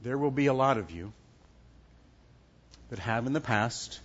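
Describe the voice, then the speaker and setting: A middle-aged man preaching a sermon as pastor, emphatic and lively, dropping suddenly soft for effect. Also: mid-range voice, moderate pace, long pauses, slightly rough. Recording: dull lo-fi sound.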